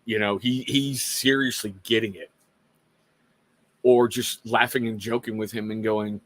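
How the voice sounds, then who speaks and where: A man's voice: lowish voice, normal speed, a bit bright, dry recording. A middle-aged man from Washington State hosting a casual live talk show, speaking earnestly to viewers with rambling, self-mocking asides. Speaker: livestream host.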